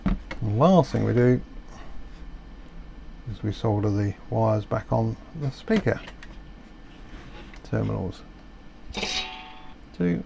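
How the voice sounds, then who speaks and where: A middle-aged man explaining a radio repair step by step in a relaxed, chatty way. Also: fairly low pitch, slow, vocal fry, pauses often, a little hiss or hum. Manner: relaxed, chatty, self-deprecating asides.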